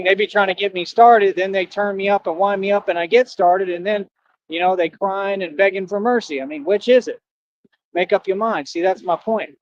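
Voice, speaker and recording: A man's voice: high voice, no room sound. A man giving a rambling livestream monologue, boastful and confrontational, taunting his listeners in street slang and repeating catchphrases. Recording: dull lo-fi stream audio.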